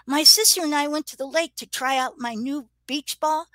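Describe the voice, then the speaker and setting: A woman's voice: high voice, normal speed, fairly bright tone, no echo, pitched above the performer's own voice. Woman putting on a small scared girl's voice. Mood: frightened. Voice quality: small murmuring voice. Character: frightened twelve-year-old girl, soft and small-voiced.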